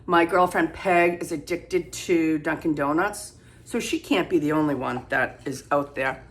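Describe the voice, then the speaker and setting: A woman's voice: deep voice, a little slow. A middle-aged woman chatting casually about her thrift haul from her home kitchen, rambling and self-deprecating. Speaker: thrift reseller vlogger.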